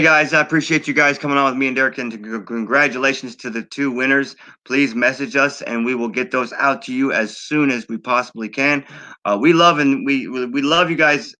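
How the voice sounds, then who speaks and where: A man hosting a recovery livestream, giving heartfelt, repetitive thanks and shout-outs in a casual sign-off. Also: mid-range voice, poor audio.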